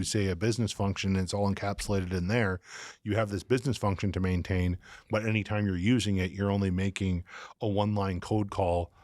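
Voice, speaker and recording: Man, deep voice, measured explainer, podcast guest, dry close sound. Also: darkish tone, dry recording.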